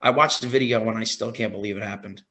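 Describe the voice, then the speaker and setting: A man on a podcast as a guest, telling a story in a casual, excited way, often quoting his own reactions. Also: lowish voice, fast. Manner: excited, retelling with quoted reactions.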